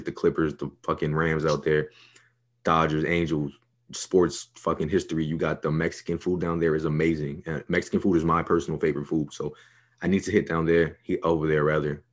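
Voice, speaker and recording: A young man, co-hosting a podcast, hyped and swearing often as he talks up his picks. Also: very deep voice. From New York. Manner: profane, hyped, swaggering. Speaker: podcast co-host. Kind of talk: casual podcast banter.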